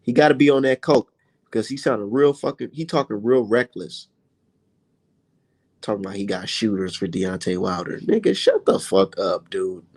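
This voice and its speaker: A young man vents in a heated, profane livestream rant, blunt and exasperated. His voice swings widely in pitch as he stops to read viewer comments aloud. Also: expressive, normal speed, a little mellow. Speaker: boxing commentator and channel host.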